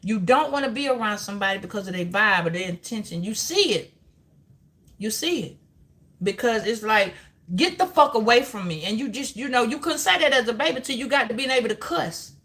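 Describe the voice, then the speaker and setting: Bright-voiced woman, profane and preachy. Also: fairly high pitch, animated, a little fast. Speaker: tarot reader. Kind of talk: live-stream tarot reading.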